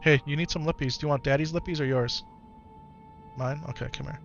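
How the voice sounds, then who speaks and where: Soft-spoken father coaxing his young son. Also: on the high side, fairly even intonation, brisk, dull audio. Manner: gentle, coaxing with his child, chatty with viewers. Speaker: live streamer and father. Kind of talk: casual live-stream chat. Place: home, in the morning. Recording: clear background music under voice. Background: music.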